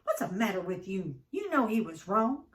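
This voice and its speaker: A woman reading aloud, voicing a feisty, outspoken young girl with raised, pleading pitch. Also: big pitch swings, normal speed, distant mic, natural voice. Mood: indignant. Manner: indignant, pleading, rising in pitch.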